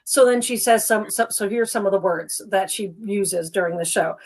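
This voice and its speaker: A woman's voice: medium pitch, normal speed, hardly any pauses. Chatty, rambling woman co-host. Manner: chatty and rambling, full of "like" and restarts; animated, laughs at herself. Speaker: co-host of a chat show. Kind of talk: casual chat.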